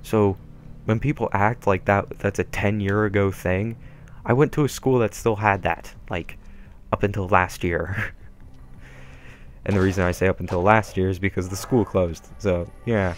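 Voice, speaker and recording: A man's voice: deep voice, fairly even intonation, moderate pace, slight background noise. A young man rambling through casual, self-deprecating let's-play commentary. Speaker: gameplay commentator. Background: faint game music.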